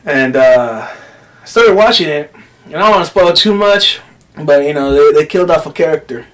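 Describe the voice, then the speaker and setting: A man with a bright, forceful, fairly high voice tells a personal story in casual podcast chat. He swears freely and acts out what others said as he goes. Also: normal speed. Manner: swears often, animated retelling with quoted voices. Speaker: podcast co-host.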